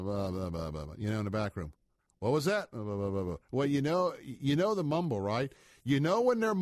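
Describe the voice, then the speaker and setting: A man's voice: fairly high pitch, a little mellow, dry recording, studio quality. Folksy rambling male talk radio host. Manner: folksy, rambling, many filler sounds.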